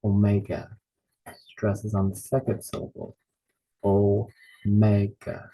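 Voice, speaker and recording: A man teaching a lesson, saying each word slowly and repeating it with care. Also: fairly low pitch, warm tone, breathy edge, low-quality recording. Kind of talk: slow spoken lesson naming Greek letters.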